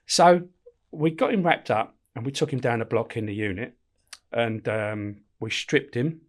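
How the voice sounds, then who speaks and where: A middle-aged man telling stories in an animated, casual way. He swears freely and breaks into laughter mid-story, with a voice of ordinary male pitch. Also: measured pace. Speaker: guest, former prison officer. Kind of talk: casual storytelling in a podcast interview.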